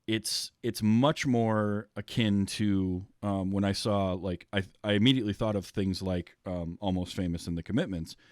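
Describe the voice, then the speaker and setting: A man's voice: lowish voice, steady tone, moderate pace, few pauses, no room sound, studio quality. A man hosting a podcast, talking casually about a film with lots of fillers and restarts. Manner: chatty, many fillers and restarts. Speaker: podcast host.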